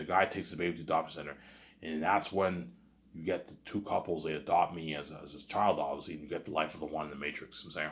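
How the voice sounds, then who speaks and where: A man with a very deep, low voice talks on his own in a loose, rambling monologue. He boasts and repeats himself, restarts his sentences and keeps tagging them with filler phrases. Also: steady tone, very fast, a bit bright. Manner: repetitive, restarts, keeps saying "obviously" and "you know what I'm saying". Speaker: vlogger.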